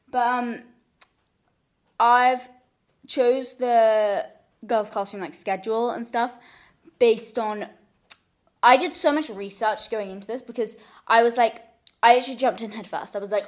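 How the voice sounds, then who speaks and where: A woman's voice: on the high side, measured pace, pauses often. Chatty woman rambling on her podcast. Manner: rambling, chatty, often laughing. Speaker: podcast host. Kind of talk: solo casual podcast chat. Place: couch at home, indoors. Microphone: large studio mic pulled up close.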